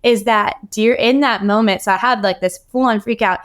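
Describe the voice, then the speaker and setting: A woman's voice: mid-range voice, moderate pace. A woman guest on a podcast, talking earnestly and rambling with many fillers in casual interview conversation.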